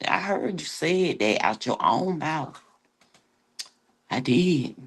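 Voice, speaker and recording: Woman, livestream host, casual gossip, profane, teasing, low voice, lively swooping pitch. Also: slow pace, slightly rough. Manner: animated, profane, teasing, calls viewers baby and honey.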